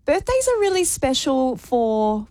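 Aussie lady co-host, kinda high voice, teasing and bubbly, dry mic. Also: sing-song, measured pace, a little mellow, no room sound. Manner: playful, teasing, upbeat. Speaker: radio co-host. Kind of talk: casual studio banter.

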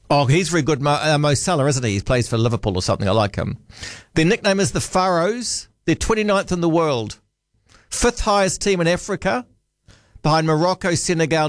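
Kiwi guy hosting talkback, thinks out loud, dry sound. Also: fairly high pitch, no echo. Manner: friendly, musing aloud. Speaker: radio host. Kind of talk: casual radio chat.

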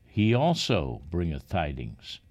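A man voicing a grieving aged king in a scripture reading, lamenting in a slow, plaintive way. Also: low-pitched, wildly swooping pitch, a little mellow, heavily acted. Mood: stately.

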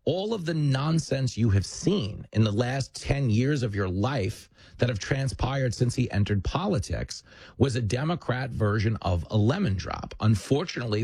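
A male host rants through a combative political monologue and cracks jokes along the way. His voice is husky and sits at a middle pitch. The studio sound is dry and close. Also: very animated, moderate pace, darkish tone, dry recording. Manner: punchy, combative, joking.

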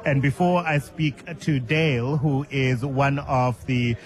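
A man hosting a radio talk show from the studio, a measured, friendly interviewer. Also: medium pitch, fairly even intonation. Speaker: radio host.

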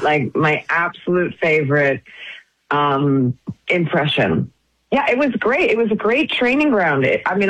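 A woman's voice: low-pitched, dry recording, poor audio. A woman, an actress, chatting expressively as a guest in an interview. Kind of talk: casual interview chat.

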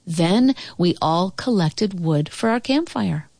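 A woman reading a children's story aloud in an expressive, animated way. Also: lowish voice, takes it slowly, creaky, no echo, clean studio sound.

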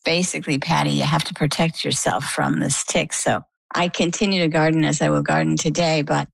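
A middle-aged woman from Maine, a guest in an interview, telling her story in a lively, conversational way and acting out the quoted dialogue. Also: deep voice, brisk, gravelly, husky, no room sound, poor audio. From Maine, USA.

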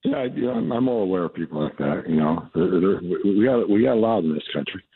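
A blunt, defiant man with a very low, husky voice, hammering home the same points again and again. He comes through a tinny, phone-like line with no room sound. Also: very animated, fast talker, no room sound. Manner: blunt, repetitive, defiant, restarts often. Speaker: radio guest, immigration official. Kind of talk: combative radio interview.

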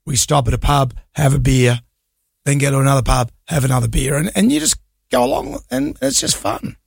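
A middle-aged Australian man co-hosting a radio show, spinning a rambling anecdote in casual banter. His voice is gravelly and a little husky, pitched slightly high for a man. The sound is close and dry. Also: lively intonation, fairly quick, no echo. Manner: rambling anecdotal storytelling with laughs. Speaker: radio co-host.

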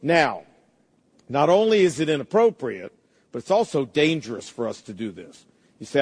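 A middle-aged man preaching a sermon, emphatic, slowing down to quote verses. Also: a little high, very animated, husky, long reverb tail. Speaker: pastor.

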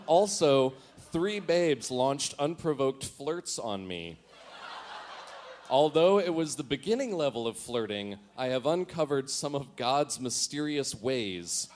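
Slight background noise sits under this man's darkish, mid-range voice, which moves slowly with lively intonation. Reading his old teenage diary as a comic piece, he gives the entries a mock-earnest, dramatic treatment, frequently laughs at himself, and adds sheepish asides.

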